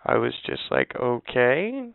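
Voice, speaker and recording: A man co-hosting a podcast, telling stories in casual chat, animated and profane, acting out what others said. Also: medium pitch, moderate pace, clear, resonant tone. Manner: animated, profane, acts out quotes. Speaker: podcast co-host. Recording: tinny phone-like sound.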